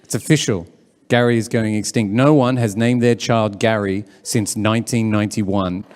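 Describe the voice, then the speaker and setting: A man's voice: fairly low pitch, steady tone, normal speed, a little mellow, in a large hall. A man hosting an event as a comedian, chatty and teasing the crowd live. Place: live event room with audience.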